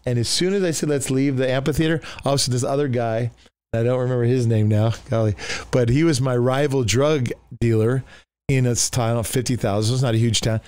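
A middle-aged pastor shares his testimony in conversation, his medium-pitched voice brisk and smooth, recorded in studio quality with no room sound. Animated throughout, he acts out the voices of the people in his story.

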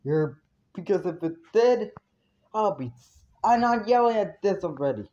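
A woman's voice: mid-range voice, expressive, measured pace, dark tone, muffled recording. A woman giving an indignant review rant, swearing freely. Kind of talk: ranting review vlog.

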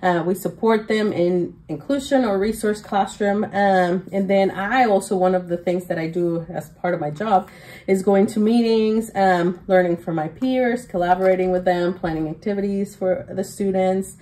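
A young adult woman, a teacher, telling stories as a podcast guest in an excited way, with many fillers and laughs. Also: mid-range voice, moderate pace, rough recording. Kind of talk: casual interview storytelling.

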